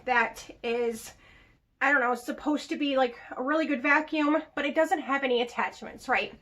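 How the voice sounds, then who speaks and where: High-voiced chatty woman vlogger. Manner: chatty and animated, with laughs. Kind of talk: casual product review vlog.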